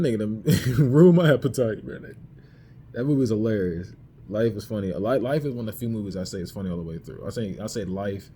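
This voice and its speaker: A man with a low, mellow voice talks loosely through his movie picks in slangy street talk. He laughs as he retells his favorite scenes to the camera. Behind him there is a faint hiss of background noise. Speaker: podcast host reviewing movies. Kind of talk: casual movie ranking chat. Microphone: camera mic.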